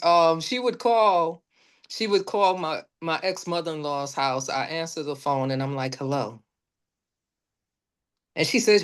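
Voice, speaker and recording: Chatty Brooklyn woman telling an anecdote. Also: low-pitched. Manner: chatty, animated storytelling. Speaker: participant. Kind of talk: casual anecdote.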